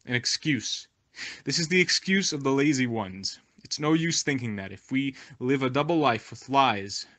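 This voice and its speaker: Male voice, mid pitch, for a devotional talk; sincere, moralizing delivery. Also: a bit bright. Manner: earnest, exhorting, moralizing. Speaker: volunteer translator and narrator of a spiritual message. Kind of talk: devotional talk, read translation.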